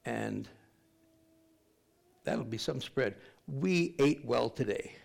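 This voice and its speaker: A man's voice: mid-range voice, animated, takes it slowly, gravelly. An older man preaching a sermon to his congregation in a conversational, joking way. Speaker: pastor.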